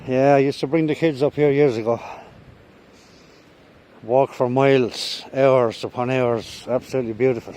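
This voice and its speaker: A man's voice: medium pitch, steady tone, normal speed, darkish tone, poor audio. Middle-aged man, rambling, swearing, slightly winded, outdoors on a chest mic with faint background noise. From Ireland. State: slightly out of breath. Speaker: vlogger. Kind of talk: casual walking vlog storytelling. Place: outdoors on a woodland path. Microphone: chest-mounted camera.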